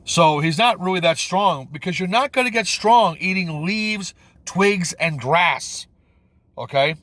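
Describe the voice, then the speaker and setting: Animated but measured in pace, the man speaks in a somewhat bright tone with no echo while ranting about a movie for his channel. Stumbling and repeating himself, he sounds disbelieving, his pitch spiking when he's exasperated.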